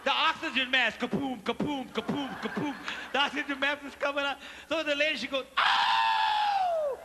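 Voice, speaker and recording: A man's voice: very high-pitched, fairly even intonation, brisk, pushed and bright. A man with a Cajun accent doing live stand-up storytelling, folksy and chatty, teasing the audience from a theater stage. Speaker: stand-up comedian. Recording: live theater recording with long hall reverb and faint noise. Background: audience laughter.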